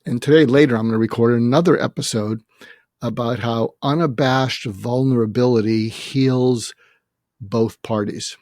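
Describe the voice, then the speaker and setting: A man in his seventies, a psychiatrist guest, talking earnestly and haltingly in a reflective interview, emotional as he faces his own death. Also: medium pitch, steady tone, darkish tone, no echo, clean studio sound. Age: 70s. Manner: earnest, halting, many restarts and fillers.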